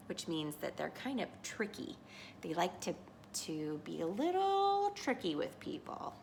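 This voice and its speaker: A woman reading a picture book aloud to children, expressive and teacherly, pausing to ask her listeners questions. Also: mid-range voice, vocal fry, slight background noise.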